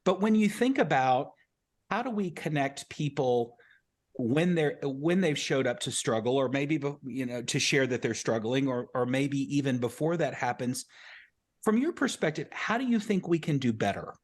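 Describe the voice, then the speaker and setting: A man's voice: medium pitch, expressive, moderate pace. A man hosting an interview podcast, earnest and reflective, often repeating words as he talks. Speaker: podcast host.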